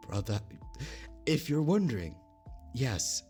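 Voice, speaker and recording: A man's voice: on the low side, lively intonation, moderate pace, a little mellow, soft background music. A man hosting a reaction video who reads an online post aloud with live commentary. He stumbles over words, jokes at his own slips and slides into a put-on British accent. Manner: drifts into a put-on British accent while reading.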